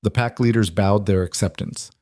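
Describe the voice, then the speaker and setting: A man narrating a scripted fantasy story in a dramatic, steady way. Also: fairly low pitch, moderate pace, no echo, clean studio sound.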